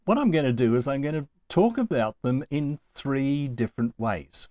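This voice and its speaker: Man teaching Greek with lively pitch. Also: dry recording. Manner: slow, deliberate over example words, with chuckles. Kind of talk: recorded lecture.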